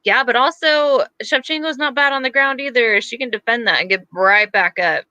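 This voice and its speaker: A woman's voice: on the high side, normal speed, sharp tone, dry recording, lo-fi sound. A woman co-hosting a podcast, chatting casually about fights, hedging a lot and using plenty of fillers. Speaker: podcast co-host. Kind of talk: casual sports chat.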